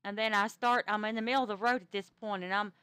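Woman spinning a ghost story, stumbles and restarts a lot, smooth clear voice, dry sound. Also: mid-range voice, fast talker, dry recording. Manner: animated, stammering restarts. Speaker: roleplay character telling a ghost story. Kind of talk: casual in-character storytelling.

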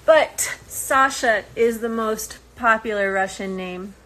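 Slow, chatty young woman. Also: fairly high pitch, fairly bright tone, rough recording. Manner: chatty, loose, with frequent ums and laughs. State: tired. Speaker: reality show cast member talking to viewers. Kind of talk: casual chat with viewers.

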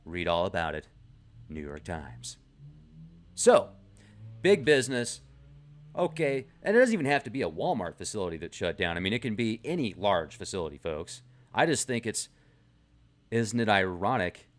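A man's voice: on the low side, normal speed, long pauses. A man vlogging from a garage in a rambling, sarcastic casual rant to camera. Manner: animated, rambling, sarcastic asides.

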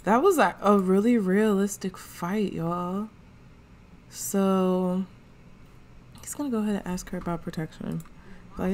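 Slow-talking chatty woman gamer. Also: medium pitch, a little mellow. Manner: chatty, slangy, narrates characters' thoughts. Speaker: gaming channel host. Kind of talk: casual let's play commentary.

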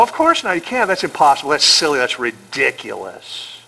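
A middle-aged man preaches with a high voice and a bright, forceful edge. He jokes freely and slips into the voices of the people he quotes. He talks to the congregation like an old friend. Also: moderate pace, vocal fry. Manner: animated, joking, acts out quoted voices. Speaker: pastor. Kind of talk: sermon.

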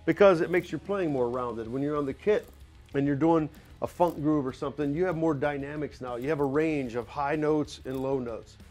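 A man's voice: fairly high pitch, normal speed, a little mellow, faint music behind. A middle-aged man giving a drum clinic in a recording studio, talking loosely and casually with lots of "you know" fillers.

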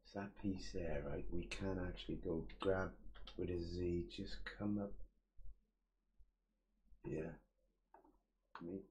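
Low-voiced man muttering software steps. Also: steady tone, slow pace, long pauses, slight background noise. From England. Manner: mutters steps to himself, swears casually, slangy. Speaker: 3D modelling streamer. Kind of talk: casual live-stream tutorial, chatting with viewers.

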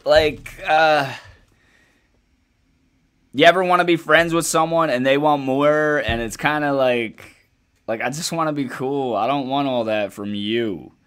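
A man's voice: mid-range voice, normal speed, clear, resonant tone. A man hosting a music reaction video, chatting casually and profanely as he reacts to a song. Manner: relaxed, profane, chatty, thinking aloud. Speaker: music reaction channel host.

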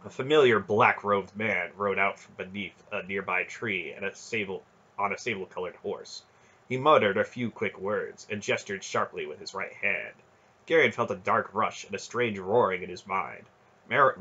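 A man reads a fantasy novel aloud in a steady storytelling manner, sometimes restarting a word. His voice sits a little low and sounds husky and sharp-edged. The recording is dull and lo-fi. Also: normal speed. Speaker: audiobook reader.

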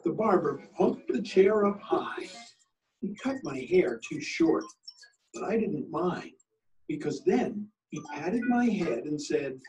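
A male teacher reading a picture book aloud in an expressive, sing-song storytelling manner. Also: a little high, takes it slowly. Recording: distant mic with faint music.

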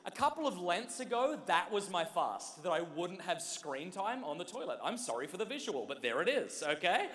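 A man with a high, bright, forceful voice gives an energetic talk to a big crowd. He jokes and keeps turning to the listeners. His voice carries a long echo around the hall. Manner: joking, direct, keeps addressing the audience. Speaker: youth conference speaker. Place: large conference hall with an audience.

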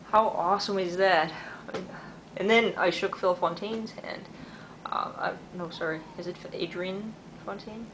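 A young man in his twenties from Canada talks excitedly in a casual video diary, using lots of "like" fillers. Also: high voice. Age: 20s. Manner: chatty and excitable, many "like" fillers. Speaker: vlogger and artist. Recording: noisy background.

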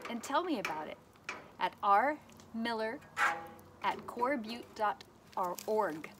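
A woman teacher talks to children in a bright, sing-song way, coaxing them to repeat after her. She is outdoors by a fire pit, with a faint hiss and open-air ambience behind her voice. Her pitch sits in a middle range.

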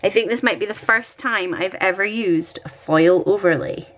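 A woman's voice: medium pitch, normal speed, a bit bright. A Scottish woman vlogging at home, chatting and thinking aloud while she decorates her planner, often poking fun at herself.

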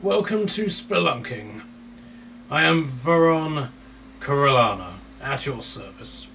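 A man voicing a gaunt, pale male half-elf noble shopkeeper with a hoarse voice, slow and courtly, heard on a distant mic with faint noise. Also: mid-range voice, lively intonation, sharp tone, voice pushed up, full character voice.

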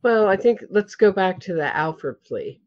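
A woman's voice: medium pitch, expressive, moderate pace. A woman with a New York accent, a podcast guest explaining things in a chatty way with frequent restarts. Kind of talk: casual podcast interview. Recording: slightly dull, lo-fi audio.

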